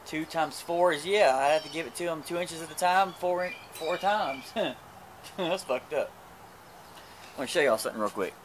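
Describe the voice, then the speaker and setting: A man's voice: fairly high pitch, normal speed, noisy background. A man chatting casually while cooking outdoors at a grill, crude and joking, stumbling over his words. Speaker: cooking vlogger. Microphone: camera mic.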